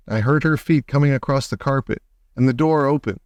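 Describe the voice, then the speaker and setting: A man's voice: medium pitch, no echo, highs cut off. Male audiobook reader, dry close sound. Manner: measured, expressive reading. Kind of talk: storybook narration.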